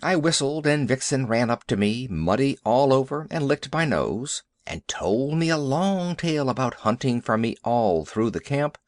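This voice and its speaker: A man narrating a classic animal tale in an expressive, lively storytelling way. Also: mid-range voice, moderate pace, few pauses, no echo. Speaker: audiobook narrator.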